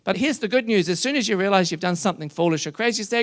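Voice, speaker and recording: A man preaching a sermon to a congregation, animated and emphatic, rising into loud emphasis. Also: high voice, rapid-fire, few pauses. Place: church hall before a congregation.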